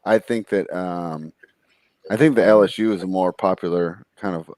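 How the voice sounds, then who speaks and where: Easygoing low-voiced co-host man. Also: normal speed, darkish tone, no room sound. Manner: easygoing, reads viewer comments. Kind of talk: casual sports betting chat.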